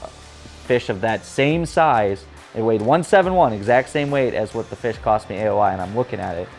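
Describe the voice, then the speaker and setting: A man, a pro angler, telling tournament stories casually with laughs and animated retellings. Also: on the low side, normal speed, soft background music. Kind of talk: casual interview storytelling.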